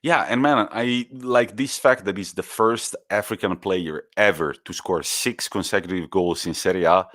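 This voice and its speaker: A man's voice: low-pitched, normal speed, hardly any pauses, a bit bright, no echo, studio quality. A man, co-hosting a podcast and chatting enthusiastically about football. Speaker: podcast co-host. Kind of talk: casual football chat.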